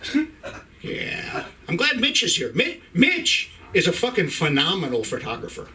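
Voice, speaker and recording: A man's voice: sits high, wildly swooping pitch, measured pace, bright, forceful tone, distant mic, poor audio. A middle-aged man from Ireland doing a profane stand-up set in a comedy club, working the crowd with stammering restarts.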